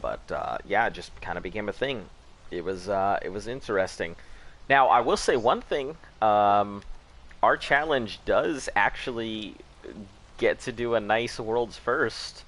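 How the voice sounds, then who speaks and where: Joking man, lowish voice. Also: measured pace, fairly bright tone. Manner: rambling, jokey, laughs at his own jokes. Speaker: gaming live-stream host. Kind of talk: casual chat while streaming a game.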